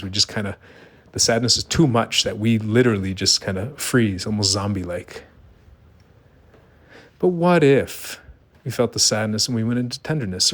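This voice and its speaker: A man's voice: on the low side, a bit bright. A middle-aged man giving an earnest, emphatic monologue, asking rhetorical questions. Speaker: vlogger. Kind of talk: personal monologue.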